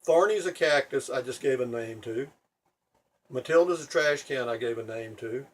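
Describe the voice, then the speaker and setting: A man's voice: medium pitch, normal speed, recorded from a distance, rough recording. A man rambling to his viewers from home, blunt, profane and self-mocking. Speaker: vlogger. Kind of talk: rambling casual monologue to viewers. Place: home in Texas.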